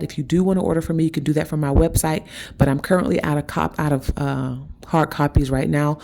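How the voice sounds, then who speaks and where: A woman hosting a spiritual motivational monologue. She talks emphatically and repetitively, checks in with listeners with a quick "okay?", and drags out key words for dramatic stress. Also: sits low, warm tone. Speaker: host.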